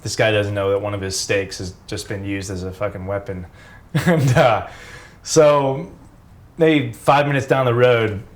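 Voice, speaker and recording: A man's voice: lowish voice, steady tone, a little slow. A man in his forties, a former pro wrestler, casually telling road stories, laid-back and swearing freely.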